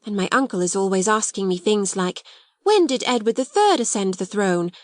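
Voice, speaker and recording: A woman reading aloud and voicing a slow, reflective young schoolgirl who speaks plainly. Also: medium pitch, expressive, no echo, clean studio sound, lightly acted.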